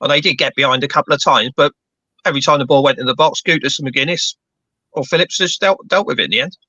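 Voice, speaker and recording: A man's voice: on the high side, fast talker, sharp tone, no room sound, highs cut off. A man with a mixed London and Bedfordshire accent, chatting casually as a football fan panelist and often repeating words as he starts a thought. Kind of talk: casual chat.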